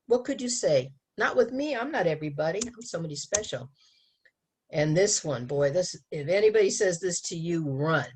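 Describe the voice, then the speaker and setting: A woman educator giving an animated talk to an audience, acting out quoted lines and laughing often. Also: lowish voice, normal speed, breathy edge. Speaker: abstinence educator. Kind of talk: presentation to an audience.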